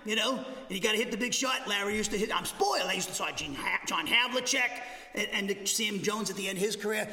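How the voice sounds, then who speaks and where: A man in his sixties with a Boston accent preaches a Bible lesson in a conversational, restless way, breaking off and restarting as he goes. His voice is high and bright with a cutting edge. It carries through a church sanctuary with a long, lingering reverb. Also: a little fast, few pauses. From Massachusetts. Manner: animated, conversational, with many restarts and asides. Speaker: pastor teaching a Bible class. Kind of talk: expository sermon lesson.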